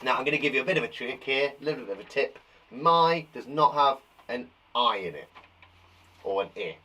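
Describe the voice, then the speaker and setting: A man's voice: mid-range voice, animated, brisk, bright, forceful tone. A man teaching a spelling lesson to young children, jokey and encouraging as he reads out words. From England. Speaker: primary school teacher.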